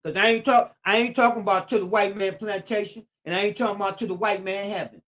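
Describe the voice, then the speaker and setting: A man's voice: high-pitched, steady tone, fast talker, fairly bright tone. A man hosting a casual live stream, repeating his points with preacher-like emphasis and greeting viewers by name. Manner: talks straight at viewers and greets them by name.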